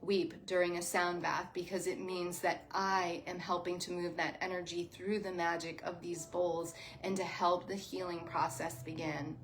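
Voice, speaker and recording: A woman who teaches sound healing and yoga, giving a soft, heartfelt livestream talk to her viewers. She sounds close to tears. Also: on the low side, little pitch movement, moderate pace, few pauses, a little hiss or hum. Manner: soft, emotional, heartfelt, addresses viewers as "you guys". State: near tears.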